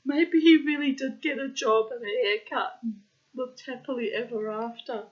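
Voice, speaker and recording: A woman's voice: fairly high pitch, moderate pace, lo-fi sound. A woman telling a story casually, laughing often, swearing freely and acting out the people she quotes.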